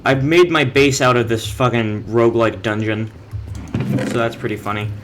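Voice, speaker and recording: A man's voice: medium pitch, steady tone, normal speed, music in the background. A young man casually walking through his game base, rambling, correcting himself and making dry offhand jokes. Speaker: player giving a base tour. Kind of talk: casual game walkthrough commentary.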